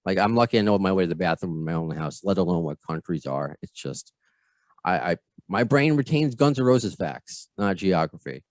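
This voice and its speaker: A man's voice: low voice, expressive, normal speed, a little mellow, no echo. An American man hosting a podcast interview over a video call, chatty and self-deprecating, often repeating his words. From United States. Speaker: podcast host.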